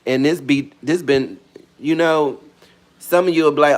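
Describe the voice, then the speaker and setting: A man's voice: mid-range voice, expressive, normal speed. Man, sassy vlog host, chatty, playful, dramatic asides, mid-range voice. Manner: sassy, chatty, calls viewers girl and honey. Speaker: orchid care vlogger. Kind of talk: casual how-to vlog chat.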